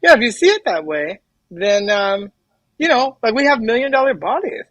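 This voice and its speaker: A man speaking very fast and hyper as a podcast guest in a casual interview chat. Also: very high voice, big pitch swings, a bit bright, dry recording, highs cut off.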